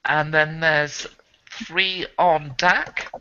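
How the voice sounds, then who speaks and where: Man, game master, very bright voice, slightly high, self-mocking, laughs a lot, dull lo-fi recording. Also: fairly even intonation, extremely slow, a little hiss or hum. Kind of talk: running a tabletop game.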